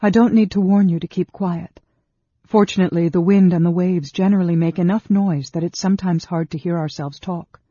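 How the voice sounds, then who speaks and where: A woman's voice: fairly low pitch, fairly even intonation, brisk, mellow, breathy edge, no room sound, highs cut off, voice pushed up. A narrator voicing Sarah, a tense, earnest woman who speaks with urgency. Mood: urgent.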